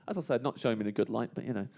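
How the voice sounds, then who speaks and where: A man telling a comic story to a live audience, rambling and self-deprecating, often laughing and dropping to a hushed, tense voice for scared moments. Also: on the low side, racing, vocal fry. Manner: hushed and tense when re-enacting fear. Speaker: comedian guest telling a story. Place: live venue on stage.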